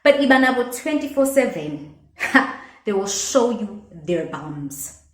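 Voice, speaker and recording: A young woman with a South African accent tells her story in a sassy, animated way, tossing in Zulu slang. Her voice sits on the high side. It rings in an echoey room. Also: takes it slowly. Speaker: vlogger. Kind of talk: storytime vlog.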